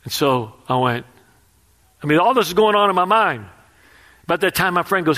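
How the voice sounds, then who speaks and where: A middle-aged man preaching a sermon, telling a personal story with animated delivery and questions to his audience. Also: high voice, moderate pace, pauses often.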